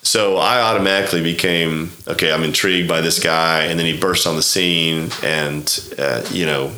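Deep-voiced man telling golf stories. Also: fairly even intonation, normal speed, pushed and bright, echoey room. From Oklahoma. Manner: rambling, acts out quoted dialogue, frequent restarts. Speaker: golf club director, podcast guest. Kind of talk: casual storytelling interview.

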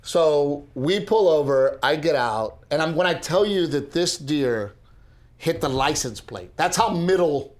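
A man co-hosting a casual podcast, telling a story in an animated way, speeding up when excited and restarting his sentences often. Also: fairly high pitch, measured pace. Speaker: podcast co-host.

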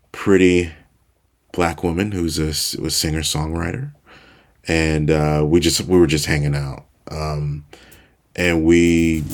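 A man in his forties tells a story on his podcast in a very deep voice. He talks slowly and keeps it casual, poking fun at himself as he goes. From Chicago, USA. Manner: relaxed, self-deprecating storyteller, chuckles at himself. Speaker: podcast host.

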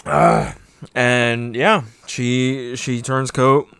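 A man's voice: mid-range voice, steady tone, drawn-out words, fairly bright tone, clear, resonant tone, no room sound. A man giving a casual, rambling spoken review of a TV season, swearing often and getting heated. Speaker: show reviewer.

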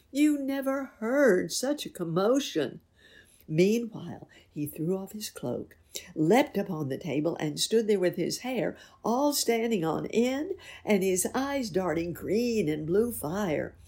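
A woman reading a children's story aloud in an expressive, unhurried way. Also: on the low side, gravelly, husky.

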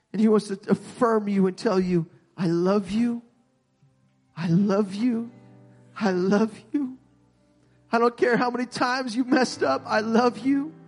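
A male pastor preaching an impassioned sermon with an altar call, rising to shouts. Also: very high voice. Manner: impassioned, rising to shouts, voicing God's words.

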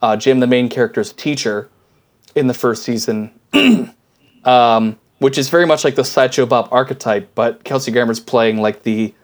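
A man's voice: medium pitch, moderate pace. A man co-hosting a podcast, chatting casually and enthusiastically, rambling with lots of fillers. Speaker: podcast co-host. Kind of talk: casual chat.

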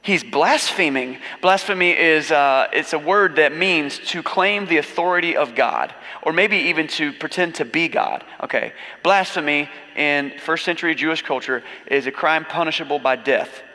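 A man's voice: on the high side, normal speed, hardly any pauses, sharp tone, long reverb tail. A man preaching a sermon as a pastor, in a casual, joking storytelling manner with acted asides.

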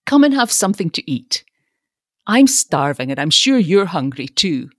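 A woman's voice: lowish voice, big pitch swings, moderate pace, no echo, studio quality. A woman voicing an eager, breathless young woman.

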